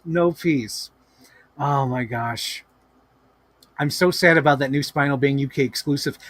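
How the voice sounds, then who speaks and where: Excitable, profane man on a live stream. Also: fairly high pitch, measured pace, no echo. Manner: animated, profane, laughing storyteller. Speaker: toy collector live streamer. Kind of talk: casual live-stream storytelling. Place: home room with toy shelves.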